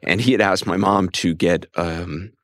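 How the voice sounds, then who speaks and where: A man in his fifties hosting a podcast, speaking in a soft, thoughtful way with frequent pauses and fillers. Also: low voice, fairly even intonation, no room sound, studio quality. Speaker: podcast host. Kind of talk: reflective podcast conversation and narration.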